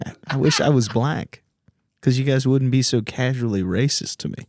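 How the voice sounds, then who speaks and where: A man's voice: mid-range voice, moderate pace, a little mellow, no echo. A man from Virginia, a comedian hosting a podcast, telling rambling, profane stories in casual chat and laughing often.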